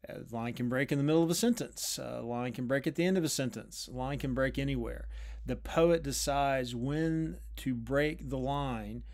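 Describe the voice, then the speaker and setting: A man giving an unscripted lecture on poetry, thoughtful and careful, often pausing and restarting his phrases. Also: medium pitch, darkish tone. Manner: thoughtful, with frequent restarts and drawn-out pauses.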